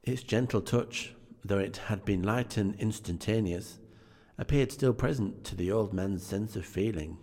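Low-voiced man casually reading a story. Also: animated, slow pace, darkish tone, husky. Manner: stumbling, with self-corrections and chatty asides. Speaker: reader. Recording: long hall reverb.

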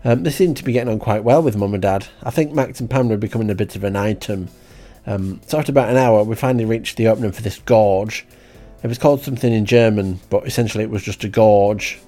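Deadpan man, fairly low voice, rambling comic diary read, faint music underneath. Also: fast. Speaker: comic diarist. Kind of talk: comic audio diary storytelling.

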